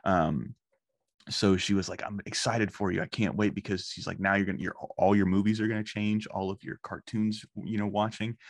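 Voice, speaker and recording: A man in his thirties hosting a podcast, telling stories in a casual, profane, animated way. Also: on the low side, dry recording, clean studio sound. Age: 30s. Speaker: podcast host. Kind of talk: casual chat.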